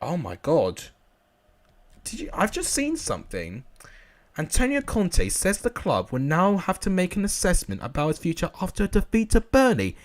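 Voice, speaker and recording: A young man commentating football games live for viewers, excitable and out of breath. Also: high-pitched, normal speed. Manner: shouts and laughs at goals, chats with viewers.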